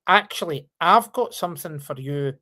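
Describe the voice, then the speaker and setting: A man's voice: a little high, lively intonation, moderate pace, pushed and bright. A man guesting on a casual live chat, talking hesitantly and restarting his questions.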